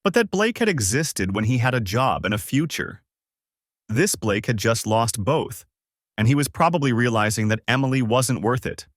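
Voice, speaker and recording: A man reading a first-person story aloud in measured, scripted narration. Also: mid-range voice, expressive, no echo, clean studio sound.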